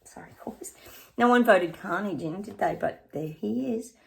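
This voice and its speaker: A woman's voice: mid-range voice, normal speed, gravelly. A middle-aged Australian woman chatting casually to her viewers in a rambling, friendly way, often calling them guys. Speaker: psychic vlogger.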